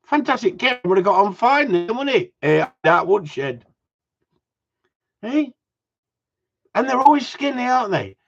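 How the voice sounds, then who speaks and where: A man's voice: very high-pitched, animated, moderate pace, muffled recording. A man, from Wigan, chatting on a livestream, joking, swearing and rambling at his viewers. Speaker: gundog trainer. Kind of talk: casual livestream chat.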